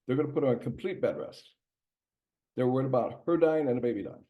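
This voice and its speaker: A man's voice: medium pitch, expressive, quick pace. A man, a doctor, giving a casual health presentation in a conversational way, with many fillers and restarts. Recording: dull lo-fi recording.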